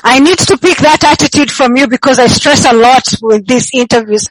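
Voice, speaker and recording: A woman's voice: high-pitched, moderate pace, a little hiss or hum, rough recording. A woman hosting a podcast interview, asking questions and encouraging her guest with frequent murmurs of agreement. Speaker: podcast host.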